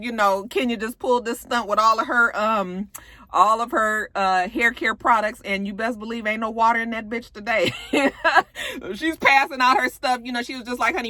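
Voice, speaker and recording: A woman's voice: fairly high pitch, moderate pace, bright, forceful tone, no echo. A woman recapping a reality show in casual chat, sassy and profane, acting out quotes. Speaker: TV recap vlogger.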